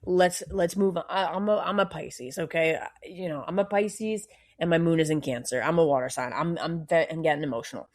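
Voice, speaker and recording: A young woman with a New Jersey accent rants bluntly on her solo podcast, her voice sitting a little low. She swears freely, sounds hot and cranky, and talks in a loose, casual way. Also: a little fast, a little mellow. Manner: blunt and profane, heavy swearing. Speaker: podcast host.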